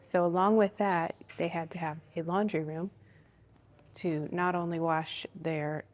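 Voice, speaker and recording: A woman vlogger giving steady, informative narration on a tour of an old prison. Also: fairly low pitch, a little slow.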